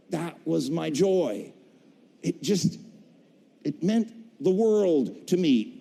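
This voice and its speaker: Recounting his career for a convention crowd, this middle-aged man works a big convention hall stage with high-pitched, animated storytelling, putting on voices and joking. The room adds a long reverb.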